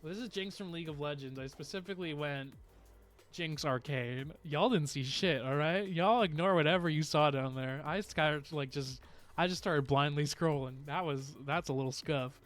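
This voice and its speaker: A man's voice: a little high, normal speed, faint music behind. Chatty streamer man, rambling. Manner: rambling, chatty, laughs often. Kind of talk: casual chat with stream viewers.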